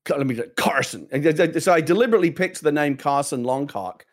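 A man's voice: a little high, fast. A man co-hosting a podcast in casual chat, talking in a rambling, self-deprecating way. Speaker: podcast co-host.

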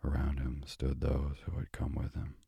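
A man narrating a storybook aloud in a slow, measured way. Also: rumbling low, completely flat delivery, vocal fry, dark tone, slightly rough, dry recording. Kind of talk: audiobook narration.

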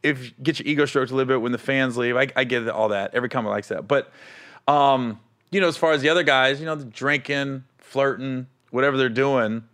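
A man's voice: medium pitch, brisk, fairly bright tone. A man, a touring stand-up comic, telling road stories in casual chat, often laughing and acting out other people's voices.

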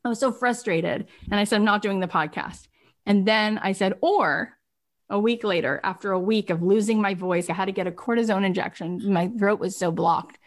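A woman's voice: medium pitch, moderate pace. A woman business coach on a group coaching call, talking emphatically and repeating rhetorical questions.

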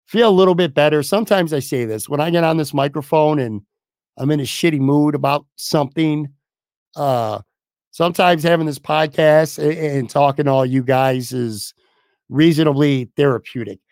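Gravelly, hoarse sports podcast host. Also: male voice, on the high side, moderate pace, a little mellow, no room sound, studio quality. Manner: blunt, swearing, rambling. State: losing his voice. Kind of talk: casual sports talk.

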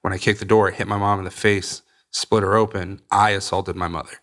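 A young man with a fairly low voice tells his own story as a podcast guest. He talks bluntly and swears casually, and he acts out the voices of the people he quotes. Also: little pitch movement, fairly quick, fairly bright tone. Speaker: guest sharing recovery story. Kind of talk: candid storytelling.

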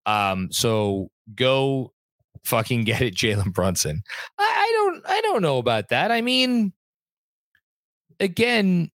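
A man's voice: medium pitch, very animated, slow, fairly bright tone, no echo. A young adult man hosting a casual sports live stream from home, reading out viewer comments with a rambling, chatty manner and some swearing. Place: home room at a computer.

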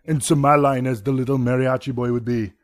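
A man doing a booming, boastful action-star governor. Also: fairly even intonation, no room sound, studio quality, lightly acted. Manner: grandiose, halting, mock-serious delivery. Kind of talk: comedy sketch impression.

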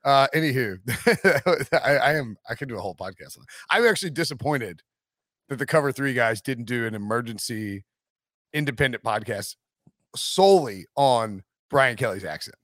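Animated, laughing podcast host guy. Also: mid-range voice, moderate pace, no room sound, clean studio sound. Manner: animated, jokey, laughs often. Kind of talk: casual sports betting chat.

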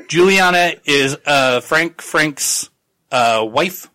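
A man's voice: on the high side, expressive, extremely slow, bright, forceful tone. A man hosting a podcast, casually recapping a novel in a rambling, jokey way with plenty of swearing. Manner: rambling, jokey recap full of laughs and profanity. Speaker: podcast host. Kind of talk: casual book-club chat.

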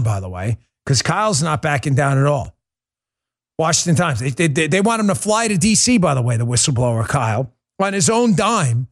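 Host, middle-aged man, fiery political monologue, voice sits a bit high. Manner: impassioned, swings from quiet to loud indignation. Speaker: podcast host.

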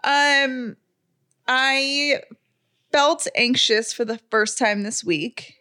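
Female co-host, young adult, pregnant, chatty storyteller, slightly high voice. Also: drawn-out words, pushed and bright, clear, resonant tone. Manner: chatty storyteller, laughs often. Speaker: podcast co-host. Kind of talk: casual chat. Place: home.

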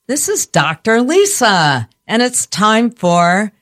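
A woman with a raspy voice hosts a loose, chatty radio show. Her talk rambles, breaks off mid-sentence and restarts, with a slight lisp on some sounds. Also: mid-range voice, very animated, takes it slowly, fairly bright tone. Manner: slightly lispy speech.

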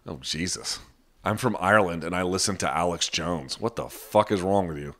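Brief: low-voiced male live-chat host, blunt and profane, unscripted. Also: moderate pace, a bit bright. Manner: blunt, profane, talks off the cuff. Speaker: live chat host answering viewer questions. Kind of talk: casual live-stream chat.

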